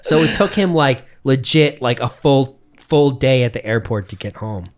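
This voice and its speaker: A man's voice: mid-range voice, normal speed. A young man from Massachusetts, co-hosting a podcast and telling stories casually with lots of swearing. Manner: profane, animated storytelling. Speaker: podcast co-host.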